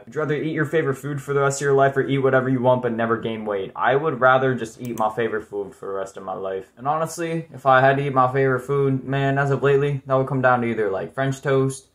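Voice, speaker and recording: A man's voice: medium pitch, quick pace, hardly any pauses, roomy sound. A young man chatting casually on his own, answering questions in a rambling, laid-back way. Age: young adult. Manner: rambling, laid-back, says dude and like a lot. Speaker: YouTuber. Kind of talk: casual solo commentary.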